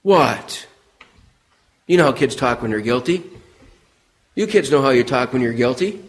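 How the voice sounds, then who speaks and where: A middle-aged man preaching a sermon, telling a story earnestly and dropping low and quiet on solemn phrases. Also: lively intonation, a little fast, poor audio.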